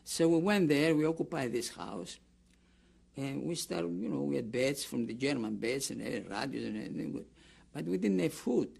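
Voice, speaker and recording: A man's voice: mid-range voice, lively intonation, normal speed, vocal fry, a little mellow, breathy edge. An older man with a Greek accent giving an oral history interview, rambling through a story with restarts and acting out the people he quotes. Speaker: interviewee, camp survivor.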